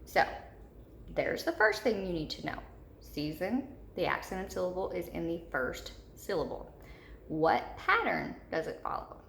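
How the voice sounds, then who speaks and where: A woman with a slightly low, gravelly voice teaches a recorded spelling lesson for third graders. She repeats each word slowly and patiently. The room is echoey, with a faint hiss behind her. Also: sing-song, fairly bright tone.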